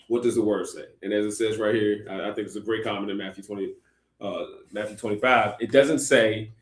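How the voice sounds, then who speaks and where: A man's voice: lowish voice, fairly even intonation, fairly quick, reverberant. A man hosting a Christian discussion show, talking earnestly with many fillers and restarts. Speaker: host.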